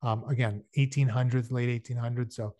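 A man's voice: mid-range voice, steady tone, fairly quick, darkish tone, no room sound. Man reading a novel aloud. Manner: casual explanatory asides between passages. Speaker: audiobook reader.

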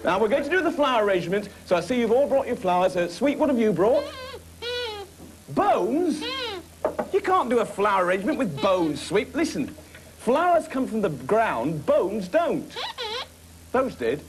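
Man, bright high voice, bouncy pitch, jovial teacher banter, hissy old TV sound. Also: big pitch swings. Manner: brisk, jovial, schoolmasterly scolding. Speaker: puppeteer host playing a teacher. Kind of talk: children's puppet comedy.

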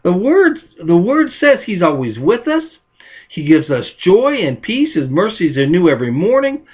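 A man preaching a sermon as pastor, telling stories and acting out quotes with lively emphasis. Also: high-pitched, moderate pace, husky, lo-fi sound.

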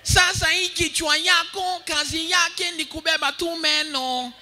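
A man imitating an angry male physics teacher with a heavy Kamba accent, scolding a student slowly and emphatically. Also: very high-pitched, steady tone, over music, pitched above the performer's own voice. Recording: reverberant hall.

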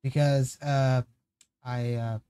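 A man's voice: medium pitch, takes it slowly, clean tone, no echo. A man streaming a casual reaction to game cards, rambling and correcting himself as he goes. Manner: rambling, self-correcting, excitable tangents.

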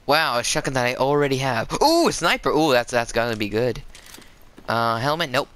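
A man giving rambling, excitable live commentary over his own gameplay, swearing and laughing as he goes. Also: mid-range voice, normal speed, smooth, dry recording. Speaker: gaming video creator.

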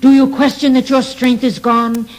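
A man's voice: extremely high pitch, flat delivery, moderate pace, voice pushed up. A man voicing a stern old male prophet who preaches and pleads with rising force. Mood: impassioned.

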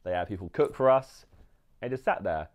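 A man's voice: fairly low pitch, animated, brisk. A man casually chatting in a played video, laid-back and a little dismissive.

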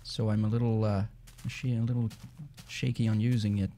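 A man with a Dutch accent, rambling chattily as he plays and narrates a game, and quick to get excited. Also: on the low side, slight background noise. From Netherlands. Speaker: gaming channel host. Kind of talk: casual let's-play commentary.

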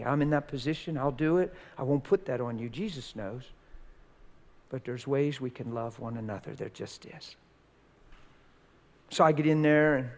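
An older preacher man tells a story from the pulpit in loose, colloquial speech, acting out every exchange. His voice sits somewhat high for a man. The church hall adds a long, trailing reverb. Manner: colloquial, animated, acts out quoted dialogue. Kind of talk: sermon storytelling. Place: church sanctuary.

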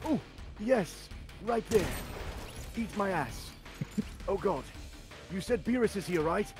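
A man's voice: high voice, animated, takes it slowly. A man voicing a fretful old alien god who panics and teases during video game play. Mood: panicked. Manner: panicky and teasing. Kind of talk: voice acting over gameplay. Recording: music playing behind.

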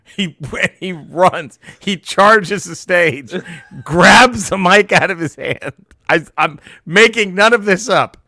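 Guy on a podcast telling a gig story, brightish tone, laughs a lot, dead dry sound. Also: takes it slowly, no room sound. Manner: animated, laughing storyteller who breaks into squeaky laughter. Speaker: podcast co-host, comedian. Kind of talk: casual storytelling.

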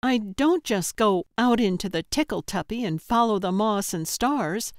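A woman's voice: medium pitch, lively intonation, measured pace, no room sound, clean studio sound. Woman voicing an exasperated young hiker. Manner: exasperated, defensive.

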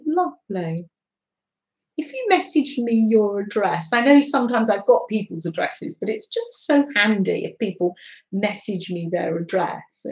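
Gentle, lively-voiced woman. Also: mid-range voice, low-quality recording. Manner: gentle, chatty, laughs often. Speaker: craft livestream host. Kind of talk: casual live-stream chat.

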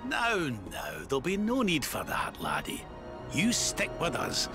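An actor playing a kindly old man in a video game, gentle and reassuring. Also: fairly high pitch, huge pitch swings, a little slow, heavily acted. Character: kindly old Scottish grandfather of a hero. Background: game music.

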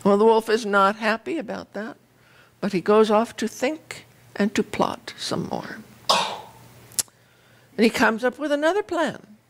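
A woman minister giving a conversational sermon, retelling a fairy tale with lively, animated storytelling. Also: fairly high pitch, measured pace, long pauses, slight background noise.

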